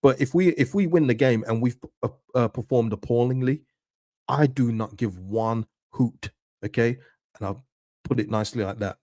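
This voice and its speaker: A man hosting a live football watchalong stream, reacting excitedly to the match and answering viewers' chat messages. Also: mid-range voice, normal speed, no echo, studio quality. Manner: excitable, pleading, chatty with viewers.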